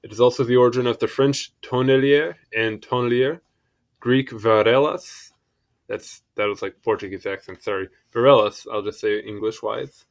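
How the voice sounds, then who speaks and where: A man's voice: mid-range voice, fairly even intonation, a little fast, vocal fry, few pauses. A young man casually reading an encyclopedia article aloud, stumbling over foreign words and adding apologetic asides.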